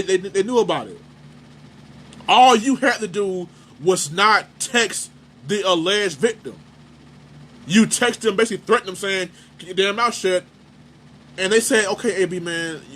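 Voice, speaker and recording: A man's voice: sits high, a bit bright, a little hiss or hum. A man hosting a sports talk show, ranting in heated, emphatic commentary and hammering his points over and over. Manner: emphatic, repetitive, fired-up.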